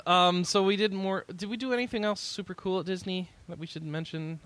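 A man's voice: high-pitched, steady tone, brisk, fairly bright tone, dry recording. Easygoing male podcast co-host. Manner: easygoing, recounting trips with fillers. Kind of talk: casual chat.

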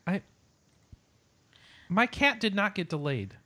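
A man's voice: high-pitched, very animated, slow, bright, forceful tone. Playful rambling male podcast host. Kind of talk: casual podcast chat.

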